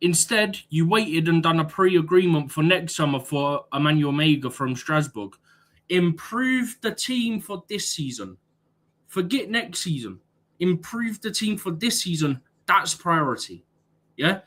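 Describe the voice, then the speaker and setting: A man's voice: a little high, expressive, measured pace, a bit bright. A man co-hosting a football live stream, arguing his points and tagging "yeah?" onto them in casual chat.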